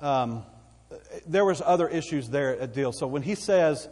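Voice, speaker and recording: A man's voice: a little high, lively intonation, unhurried, darkish tone, long reverb tail. A man with a Texan accent preaching a sermon as pastor, folksy and conversational, with asides to the congregation. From Texas.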